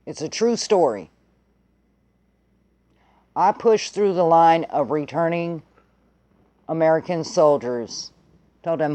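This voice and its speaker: Vlogger, casual storytelling, heated, profane, blunt, warm low tone. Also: expressive, slow, pauses often. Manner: blunt, heated, swearing freely.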